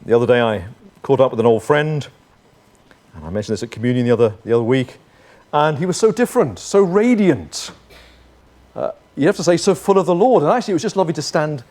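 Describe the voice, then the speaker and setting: Male pastor, higher voice, very lively delivery, earnest sermon, swings between loud and quiet. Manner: earnest, rises and falls from forceful to hushed.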